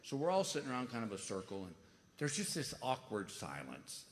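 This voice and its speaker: A middle-aged man telling stand-up comedy stories, animated and acting out voices with big outbursts. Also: mid-range voice, fairly quick, in a large hall. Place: comedy stage before a laughing audience. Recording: live show with clear audience noise.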